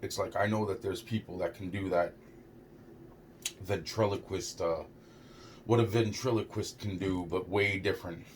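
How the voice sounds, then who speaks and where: A young man with a deep voice tells a personal story in a rambling way, stumbling, repeating "it's like" and cursing a lot. He speaks at normal speed with fairly even intonation and long pauses, over slight background noise.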